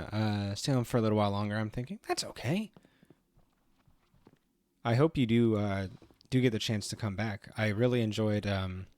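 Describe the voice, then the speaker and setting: A man's voice: fairly low pitch, darkish tone, dry recording. A man casually chatting to his viewers while streaming a video game, in a rambling, easygoing way. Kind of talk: casual let's play commentary.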